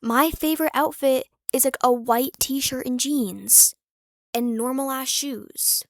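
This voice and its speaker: A woman's voice: sits high, takes it slowly, no echo, studio quality. A young woman vlogging in casual chat, rambling and candid, with lots of fillers and restarts, swearing freely and sometimes dropping to a whisper for asides.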